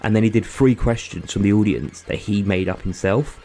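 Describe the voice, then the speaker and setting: A man's voice: on the low side, brisk, dark tone. A man, co-hosting a podcast and rambling through a story with lots of fillers. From England. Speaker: podcast co-host. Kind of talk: casual chat.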